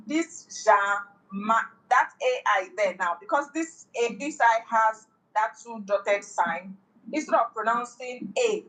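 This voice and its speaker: A woman's voice: medium pitch, fairly bright tone, poor audio. A woman tutoring French in a casual one-on-one lesson, patiently repeating and rephrasing.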